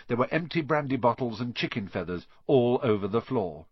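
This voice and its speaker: A man's voice: mid-range voice, expressive, a little fast, breathy edge, dry recording. A man reading a children's storybook aloud, narrating expressively and voicing each character. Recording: dull dry recording.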